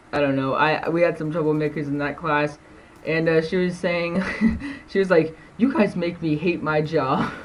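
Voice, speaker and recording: In a poor-quality recording with a little hiss or hum, a teenage boy with a slightly high voice tells school stories to camera. He's a vlogger whose casual storytelling wanders, peppered with fillers and laughs.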